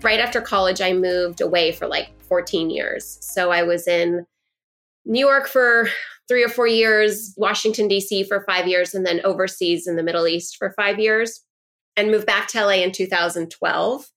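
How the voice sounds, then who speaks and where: A woman in her forties from Los Angeles, hosting a podcast interview and telling a story in an excited, effusive way. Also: medium pitch, moderate pace, soft background music. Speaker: podcast host. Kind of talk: casual interview chat.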